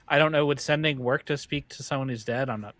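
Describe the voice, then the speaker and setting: A man's voice: mid-range voice, fast, fairly bright tone, no echo. A man playing a tabletop game, talking in a hesitant, wheedling way with many fillers. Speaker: player. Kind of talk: casual tabletop game chat.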